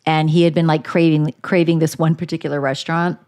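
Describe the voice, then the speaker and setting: A woman co-hosting a casual chat, candid and quick to laugh, swearing freely. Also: sits low, flat delivery, a little mellow. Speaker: podcast co-host.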